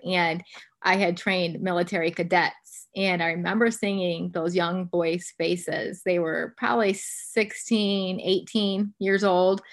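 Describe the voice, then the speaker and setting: Chatty woman podcast host in her fifties. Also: on the low side. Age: 50s. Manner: chatty, warm-hearted asides with many fillers. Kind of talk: conversational interview.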